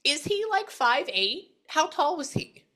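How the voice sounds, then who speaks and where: A woman's voice: sits high, very animated, unhurried, sharp tone. A woman working as a psychic medium, chatting bluntly through a casual reading session indoors. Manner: chatty, blunt, quotes the spirit back and forth.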